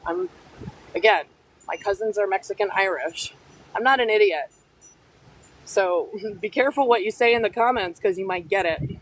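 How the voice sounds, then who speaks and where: Poor audio with a little hiss or hum carries a woman's creaky, fairly high voice. Chatting casually on a phone live stream as she walks her dogs outside, she reads comments aloud and mixes in Spanish, blunt and feisty and quick to answer commenters back.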